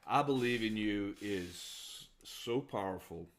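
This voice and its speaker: A man's voice: lowish voice, slight background noise. A man hosting a podcast, talking earnestly and encouragingly about mentors. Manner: earnest, encouraging, quick backchannels. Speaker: podcast host. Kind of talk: casual podcast interview.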